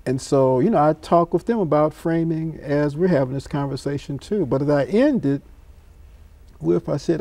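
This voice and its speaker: A man speaking as a scholar guest on a talk show, slow and measured, telling stories as he reflects. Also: fairly high pitch, warm tone, no echo.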